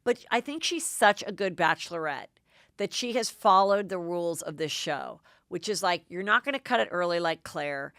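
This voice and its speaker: A middle-aged woman hosting a podcast, recapping gossip in an excitable, chatty way with lots of "like". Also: on the low side, moderate pace, no echo, clean studio sound. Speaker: podcast host. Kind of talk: casual gossip commentary.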